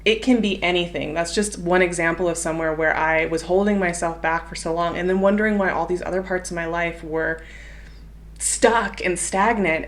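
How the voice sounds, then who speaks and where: Woman, tarot reading vlog, soft and earnest, somewhat low-pitched, gentle encouragement. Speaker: tarot reader. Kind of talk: intuitive tarot reading monologue.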